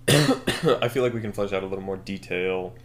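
A man with a fairly low voice co-hosting a podcast. He brainstorms in loose, casual chat and breaks into laughter a lot. He slips into acted-out bits of the story while he talks. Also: moderate pace. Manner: animated, laughing, acts out scenes. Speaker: podcast co-host.

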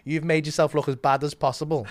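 Comedian guest, higher pitch, sweary animated storyteller. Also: male voice, fast talker. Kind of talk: casual anecdote with quoted voices.

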